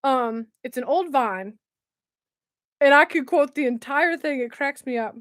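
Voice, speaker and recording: A woman with a high, bright voice runs a casual livestream. She chats freely, laughs often and reads comments aloud. The sound is dry and close to the mic. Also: measured pace, no room sound. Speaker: livestream host. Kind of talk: casual live chat.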